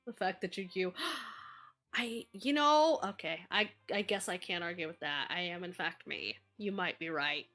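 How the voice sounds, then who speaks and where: A woman streamer commenting casually on a dating game, animated and reacting out loud, swearing freely. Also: lowish voice, a little slow, soft background music.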